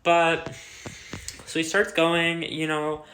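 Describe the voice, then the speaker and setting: A woman's voice: low-pitched, completely flat delivery, takes it slowly, a bit bright, slight background noise. A young adult woman telling a casual storytime vlog, chatty and full of fillers, swearing freely. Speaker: vlogger. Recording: roomy echo.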